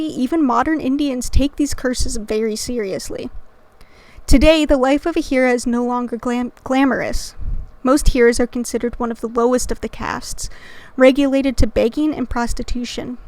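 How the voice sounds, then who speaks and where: High-voiced woman narrating an explainer. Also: a little mellow, dry recording. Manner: earnest reading with casual slangy asides. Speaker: channel host. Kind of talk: scripted educational narration.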